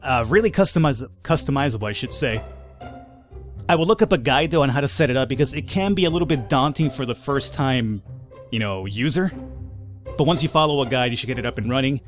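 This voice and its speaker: A man's voice: mid-range voice, lively intonation, brisk, faint music behind. A man giving casual, sarcastic let's-play commentary, rambling and swearing freely. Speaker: gameplay commentator.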